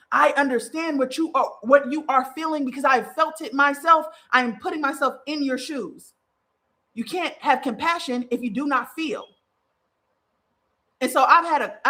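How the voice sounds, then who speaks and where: A young woman, a podcast host and spiritual advisor, hosts a talk show and gives spiritual advice in a blunt, profane, heated monologue. Her voice is on the high side, bright and forceful, emphatic as she mocks the people she quotes in mocking voices.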